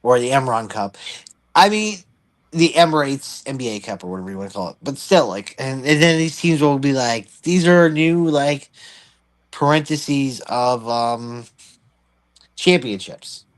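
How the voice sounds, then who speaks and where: A man chatting casually about sports as a show co-host. He rambles and restarts his sentences, working out his picks as he talks, at an ordinary pitch. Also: lively intonation, unhurried. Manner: rambling, thinks aloud with many restarts. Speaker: podcast co-host.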